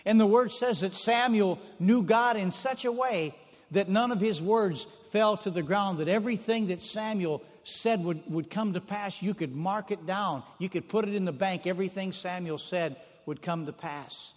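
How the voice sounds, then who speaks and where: A man's voice: sits high, normal speed, in a large hall. A man preaching a sermon, retelling stories in a folksy way and repeating phrases for emphasis.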